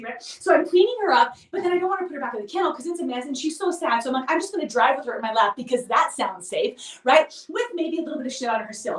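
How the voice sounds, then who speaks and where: High-voiced mom vlogging, chatty and self-mocking, echoey room, mic kinda far off. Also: female voice. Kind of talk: casual storytelling to camera. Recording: roomy sound, mic at a distance.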